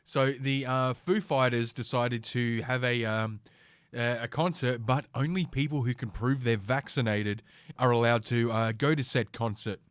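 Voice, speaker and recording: A man's voice: medium pitch, fairly even intonation, measured pace, no echo. Brief: middle-aged male podcaster, swearing, sardonic rambling rant, dead-dry recording. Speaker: podcast host. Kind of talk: casual solo podcast rant.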